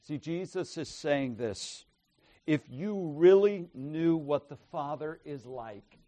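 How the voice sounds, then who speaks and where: A man delivers an expository sermon at an unhurried pace. His voice sits slightly above the usual male range. He leans hard into scripture quotations, letting key phrases swell and then drop. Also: fairly high pitch, animated. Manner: deliberate, emphatic scripture reading with strong swells in loudness. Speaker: preacher.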